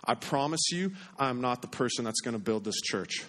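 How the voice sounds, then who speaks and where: A man preaching a sermon in an earnest way, repeating phrases for emphasis and dropping to a hush on key points. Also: medium pitch, animated, normal speed. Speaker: pastor.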